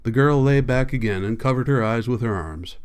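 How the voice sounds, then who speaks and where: A man narrates a novel for an audiobook at an unhurried, steady pace. His voice is smooth and clear, sitting at an ordinary middle pitch for a man, and he gives the characters' lines a light touch rather than full acting. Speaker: audiobook reader.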